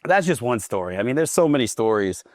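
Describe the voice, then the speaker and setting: A man's voice: medium pitch, sing-song, fast talker, darkish tone, no room sound, studio quality. A man from Oklahoma telling stories casually as a guest, swearing often and laughing as he goes. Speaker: guest veteran. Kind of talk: casual storytelling.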